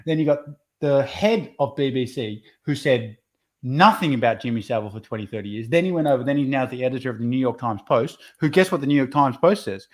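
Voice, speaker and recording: A man's voice: mid-range voice, expressive, fast talker. A man co-hosting a casual podcast chat over a beer, heated and ranting, swearing often. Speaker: podcast co-host.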